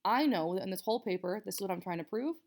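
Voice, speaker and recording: Speaking very fast and expressively at a medium pitch, a young woman teacher goes over a writing assignment with her class. The recorded lesson is casual and conversational, peppered with fillers.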